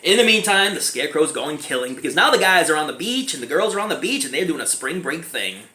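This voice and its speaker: A man giving a casual movie review, animated and giggly, keeps breaking into laughter. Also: a little high, quick pace. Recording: echoey room, faint background noise.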